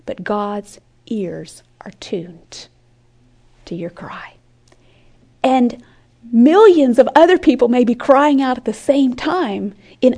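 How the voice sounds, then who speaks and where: Earnest woman teaching from scripture. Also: fairly high pitch. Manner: earnest, drops to soft whispers for emphasis. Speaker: Bible teacher. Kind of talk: sermon-style Bible teaching. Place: conference room with an audience.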